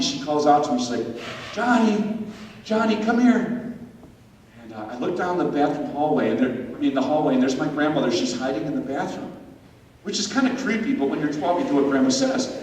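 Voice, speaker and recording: A man telling a story at a confirmation retreat, animated and speaking straight to his listeners. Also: on the high side, brisk. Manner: animated, addresses listeners directly. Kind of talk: storytelling talk. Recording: echoey hall from far off with faint noise.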